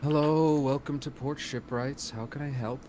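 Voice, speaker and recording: A man's voice: mid-range voice, steady tone, dark tone, slight background noise, lightly acted. A man voicing a courteous woman clerk at a shipyard front desk, in his own voice. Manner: brisk, courteous.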